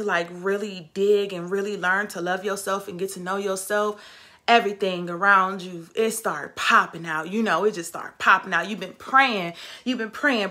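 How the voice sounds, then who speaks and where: A woman's voice: mid-range voice, bright, forceful tone. A woman vlogging to camera about self-love, talking in an emphatic, repetitive way and calling her viewers "baby" and "ladies". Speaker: vlogger and travel nurse. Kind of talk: casual motivational talk to camera.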